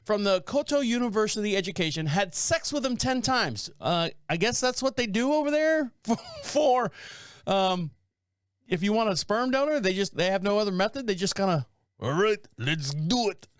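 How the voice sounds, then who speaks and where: A man's voice: high voice, expressive, moderate pace, smooth, no echo, studio quality. A man hosting a podcast, reading news stories aloud and riffing on them in a rambling, joking way. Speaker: podcast host. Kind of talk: casual podcast monologue.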